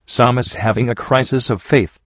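A man's voice: medium pitch, steady tone, moderate pace, dry recording. A man reading a first-person story aloud, with dry, wry asides. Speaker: audiobook narrator. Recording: dull lo-fi recording.

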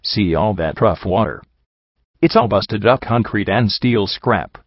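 Blunt mare riverboat captain, read by a man: low, bossy, dry lo-fi sound. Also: lively intonation, measured pace, breathy edge, no echo. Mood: stern. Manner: blunt, laying down rules. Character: tough female pony riverboat captain, bossy. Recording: dull lo-fi dry recording.

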